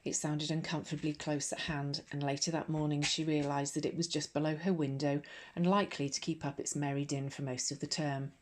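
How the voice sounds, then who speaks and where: An English woman with a notably low voice reads a novel aloud in a soothing audiobook style. Her storytelling is gentle and measured throughout. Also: level tone. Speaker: audiobook narrator. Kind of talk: ASMR audiobook narration.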